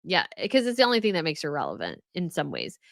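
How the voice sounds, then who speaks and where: A woman's voice: sits low, huge pitch swings, quick pace, gravelly, dry recording, studio quality. An American woman hosting a casual live stream, reading viewer comments aloud and chatting about them. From United States. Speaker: royal news channel host reading live chat.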